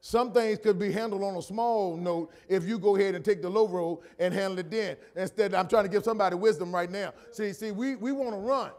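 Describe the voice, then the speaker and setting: Middle-aged male pastor with a very high voice, conversational sermon that repeats lines and rises to shouts. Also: fairly quick, hardly any pauses. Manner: preaches conversationally, repeating phrases for emphasis; builds to shouted emphasis.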